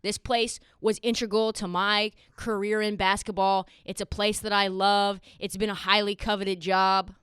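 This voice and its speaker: Woman podcast host, sports talk, sarcastic, animated, dry close sound. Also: medium pitch, clear, resonant tone, no echo. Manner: animated, sarcastic, quick asides. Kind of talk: casual sports commentary.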